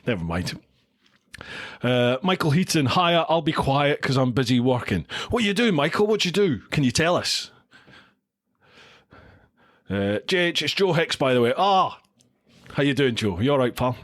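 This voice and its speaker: A man's voice: mid-range voice, very animated, moderate pace, pauses often, a bit bright. Chatty man hosting a livestream. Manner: chatty, reads out viewer comments and greets each by name. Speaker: podcast host. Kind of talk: casual livestream chat. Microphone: studio mic into a recorder.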